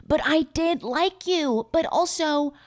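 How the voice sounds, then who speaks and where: Woman putting on a gushing young heroine, high-pitched, breathless, whiny, pleading, casual comedy recap. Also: takes it slowly. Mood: flustered.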